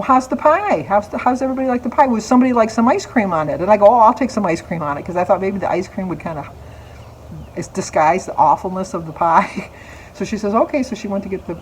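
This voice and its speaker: A woman's voice: on the low side, darkish tone, a little hiss or hum, poor audio. Chatty older woman telling a family story. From United States. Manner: chatty, laughs often, acts out family quotes. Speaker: vlogger. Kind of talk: casual storytelling vlog.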